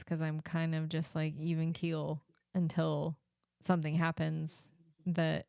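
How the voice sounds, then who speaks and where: A woman host in casual chat, relaxed and agreeable, laughing easily. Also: deep voice, measured pace, creaky, smooth, no room sound, clean studio sound. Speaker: podcast host, life coach.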